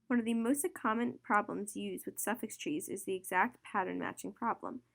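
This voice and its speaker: A young woman student reads a prepared technical explanation at an even, steady pace. Her voice sits mid-pitch with a noticeable gravelly fry running through it. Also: moderate pace. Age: young adult. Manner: steady, scripted reading. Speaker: student presenter.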